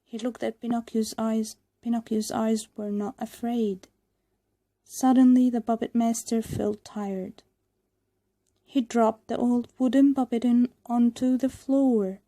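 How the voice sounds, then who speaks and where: Slow, mellow woman reading a story. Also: fairly high pitch, level tone. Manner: slow, clear, deliberate.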